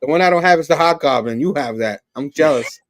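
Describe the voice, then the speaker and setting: A man with a slightly high voice chats on a relaxed podcast, rambling and joking as he talks. His voice is a little hoarse and worn, as if he is losing it. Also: fast talker, slight background noise. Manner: laid-back, jokey, rambling. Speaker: co-host. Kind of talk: casual podcast chat.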